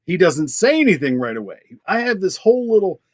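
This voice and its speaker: Animated man telling a story, dry sound. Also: sits high, fairly quick, no room sound. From Pennsylvania. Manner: animated, laughs often, acts out quoted lines. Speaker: band drummer, guest. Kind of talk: casual storytelling.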